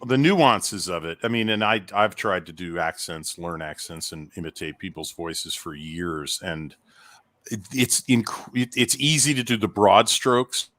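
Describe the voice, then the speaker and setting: A man's voice: low voice, unhurried, sharp tone, no room sound. A man talking in a casual chat as a podcast co-host, telling stories in a rambling way with many restarts.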